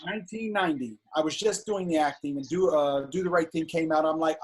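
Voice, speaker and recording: A middle-aged man, a filmmaker guest on an interview show, telling animated, indignant stories in casual talk. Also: fairly high pitch, fairly quick, hardly any pauses, husky. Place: home on a video call.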